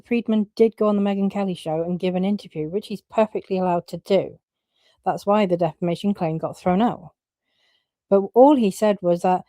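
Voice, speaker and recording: A woman's voice: mid-range voice, warm tone, dry recording. A woman giving casual opinion commentary, blunt and opinionated, swearing and using lots of fillers.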